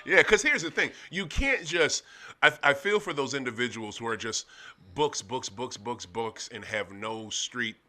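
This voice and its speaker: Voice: medium pitch, unhurried, bright, forceful tone. A radio host with a St. Louis accent, chatting casually and affirming his guest often. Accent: St. Louis, Missouri. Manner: affirming, chatty, frequent backchannels. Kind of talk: casual interview chat.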